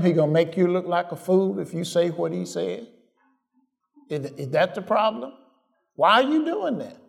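A male preacher with a fairly high voice delivers his sermon at a slow, deliberate pace. He repeats his phrases for emphasis and keeps asking the congregation whether he is right. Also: vocal fry.

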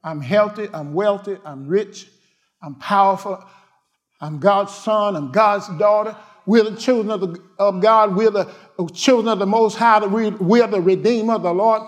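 A man preaching a fiery sermon, repeating short declarations and swinging from loud cries to hushed murmurs. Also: high-pitched, moderate pace. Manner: repetitive declarations and cadences.

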